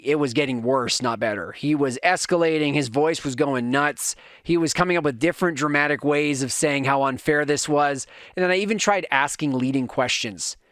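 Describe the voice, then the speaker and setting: A man hosts a casual podcast rant. He tells stories in a chatty, animated way and keeps stopping for asides to his livestream chat. His voice sits on the higher side for a man and sounds close and dry on the mic. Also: smooth, no room sound. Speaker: podcast host and father.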